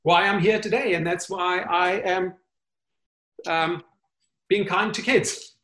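An earnest man talks as an interview guest, stumbling and restarting as he gathers his thoughts. His voice sits slightly high and carries a roomy echo. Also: steady tone, a bit bright. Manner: earnest, halting with frequent restarts. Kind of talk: conversational interview.

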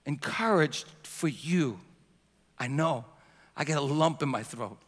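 A pastor in his fifties preaching a sermon with passion, climbing to loud repeated cries and falling to a soft voice in prayer. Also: on the high side, expressive, measured pace. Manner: passionate, building to shouts and dropping to soft prayer. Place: church sanctuary. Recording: long reverb of a church hall.

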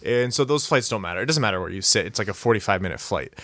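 A man co-hosting a casual podcast, telling stories in an animated, comic ranting way. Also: lowish voice, racing, no room sound, clean studio sound. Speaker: podcast co-host. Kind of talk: casual sports podcast chat.

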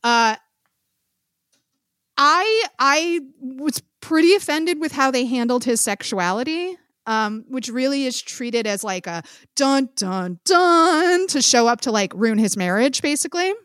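A woman's voice: sits high, lively intonation, unhurried, fairly bright tone, no room sound, studio quality. A young adult woman co-hosting a podcast, reviewing films in blunt, emphatic casual chat with swearing and repetition. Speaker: podcast co-host.

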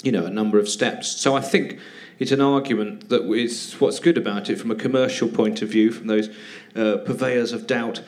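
A man's voice: fairly low pitch, fairly even intonation, moderate pace, few pauses, darkish tone. A comedian guest on a live podcast, a man who talks in a hesitant, rambling way with many fillers and a wry, sardonic edge.

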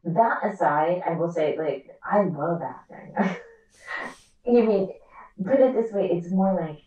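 A woman, an actor and author, talking candidly as a podcast guest, animated and quick with asides, acting out quoted dialogue. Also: on the low side. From America. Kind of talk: candid interview conversation. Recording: echoey, distant, dull remote audio.

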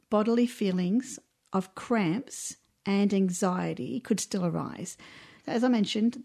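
A woman's voice: medium pitch, creaky, darkish tone. Candid, heartfelt woman podcast host. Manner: candid and heartfelt, with frequent ums and restarts. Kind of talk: casual podcast chat.

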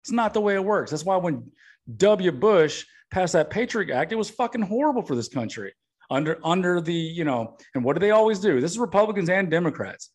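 A man's voice: high-pitched, sing-song, brisk. Heated, blunt male podcast host. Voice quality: blunt, swears often, heated. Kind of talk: political rant.

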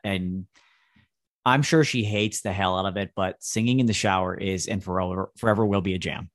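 A man co-hosting a music podcast, enthusiastically pitching songs and bands. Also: no echo, studio quality. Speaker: podcast co-host. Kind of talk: casual music chat.

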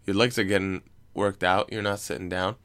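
A man's voice: low voice, steady tone, fairly quick, a bit bright. A young man hosting a casual recorded chat, rambling and teasing with jokes. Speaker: podcast host.

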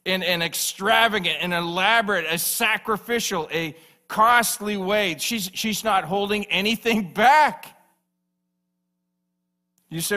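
A man's voice: high-pitched, moderate pace, sharp tone. A man preaching a sermon as pastor, emphatic and repeating phrases for stress.

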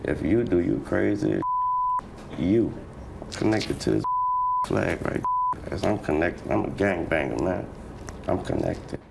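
A man's voice: low-pitched, very animated, measured pace, creaky, pauses often. A man being interviewed on TV, blunt and dismissive in a slurred drawl. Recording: noisy TV interview clip.

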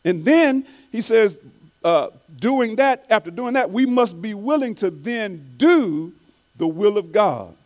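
A man preaching a sermon, reading quotes slowly and repeating key phrases for emphasis, with frequent restarts. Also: high-pitched, animated, darkish tone. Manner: stumbles and restarts often.

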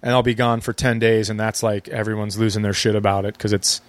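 A man's voice: fairly low pitch, little pitch movement, fast, no room sound. A man from Minnesota, a guest comedian, telling stories in a wry, laid-back casual chat.

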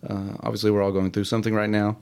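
Male host, lower register, loose self-deprecating solo chat full of fillers. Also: level tone, very fast, gravelly, a little mellow, clean tone. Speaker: podcast host. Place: home studio, alone.

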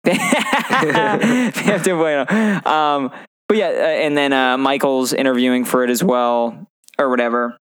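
A man in casual podcast chat, his voice smooth and resonant, recorded close and dry with no room sound. He talks animatedly and laughs often as he retells scenes he loves. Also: mid-range voice, normal speed, dry recording. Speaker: podcast co-host.

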